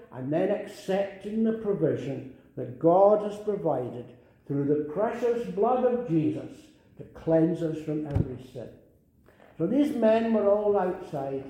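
A man's voice: high voice, mellow. An older man preaching a sermon earnestly, repeating phrases and rising to emphatic calls. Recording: very echoey room.

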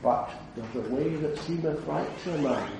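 A man preaching an earnest evangelistic sermon, building to fervent declarations and then dropping low. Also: normal speed, creaky, background noise. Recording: very echoey hall, heard from a distance.

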